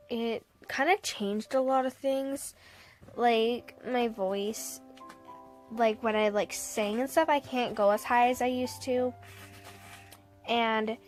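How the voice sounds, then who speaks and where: A young woman with a slightly high voice tells a story in a loose, chatty vlog way. She keeps breaking into laughter and acts out the lines people said to her. Soft music plays faintly under her voice. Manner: animated, laughs often, quotes people.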